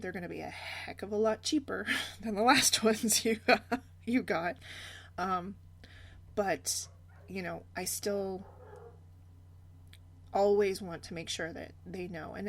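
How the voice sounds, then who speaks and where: A woman's voice: on the low side, vocal fry. Woman podcast host, 30s, candid storyteller who laughs easily. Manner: candid, laughs often while telling stories.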